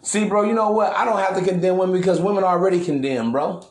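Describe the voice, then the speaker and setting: Slangy podcast guy preaching and cussing, bit high voice, echoey room. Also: quick pace. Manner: brash, preachy, slangy, swears. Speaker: podcast host. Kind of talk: casual monologue.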